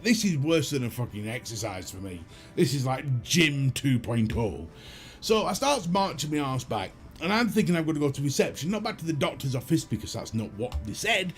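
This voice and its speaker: A man's voice: medium pitch, sing-song, moderate pace, soft background music. A middle-aged British man hosting a livestream, telling a story in a casual, profane, self-mocking way. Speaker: livestream host.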